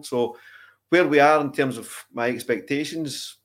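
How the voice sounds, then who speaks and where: A man's voice: medium pitch, moderate pace. A man giving his views in a casual football podcast chat.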